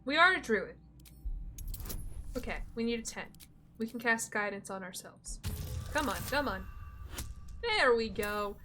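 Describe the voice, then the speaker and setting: Young woman streamer, chatty and giggly, slow speech, bright tone, light music behind. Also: a little high, animated. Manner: giggly, chatty, self-deprecating. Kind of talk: casual gameplay commentary.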